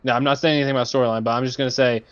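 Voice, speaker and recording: An excitable young man rambles fast through a casual podcast chat, packing his talk with fillers. His voice comes through a dull, lo-fi mic with no room sound at all. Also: medium pitch, no room sound.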